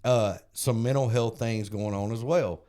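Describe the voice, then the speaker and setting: A man co-hosting a recovery podcast, telling a story in an earnest, casual way and growing animated when he retells conversations. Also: mid-range voice, a little slow. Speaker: podcast co-host and sponsor.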